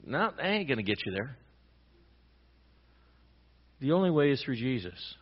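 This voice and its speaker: A male pastor preaches with a voice of ordinary pitch. He punches some lines loudly, then drops low and quiet on others. The recording sounds dull and slightly lo-fi. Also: very animated, moderate pace, long pauses. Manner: dramatic swings between loud emphatic lines and quiet low ones. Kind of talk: sermon.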